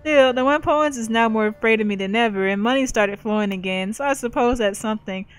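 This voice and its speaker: A woman's voice: a little high, brisk, clear, resonant tone, faint music behind, lightly acted, rough recording. A woman gamer reading out the lines of an irritated woman crime fixer, blunt and threatening. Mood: stern.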